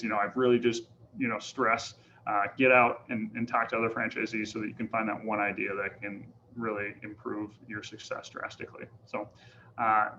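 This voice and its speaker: A man's voice: medium pitch, fairly bright tone, slight background noise. A man presenting on a business webinar, rambling with many fillers and restarts. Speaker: franchise company president. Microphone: video call. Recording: dull lo-fi webinar audio.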